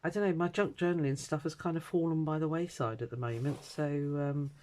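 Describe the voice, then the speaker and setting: Speaking fairly quickly in a low, a little mellow voice, a middle-aged British woman vlogs at her home craft desk. Her casual chat rambles, with ums and uhs throughout.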